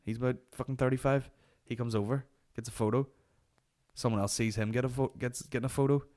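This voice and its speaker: A man's voice: mid-range voice, fairly even intonation, quick pace, darkish tone. A man hosting a comedy podcast, telling profane, rambling anecdotes. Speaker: podcast host. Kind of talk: comic storytelling.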